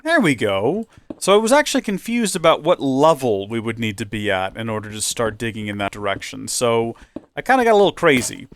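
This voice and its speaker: A man's voice: medium pitch, sing-song, a little fast, dry recording. A young man hosting a video game playthrough, chatting in a rambling, playful way. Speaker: host.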